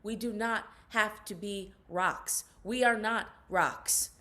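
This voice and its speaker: A woman's voice: medium pitch, slow, background noise. Passionate woman actress being interviewed. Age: young adult. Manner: passionate, emphatic. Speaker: actress guest. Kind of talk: interview conversation.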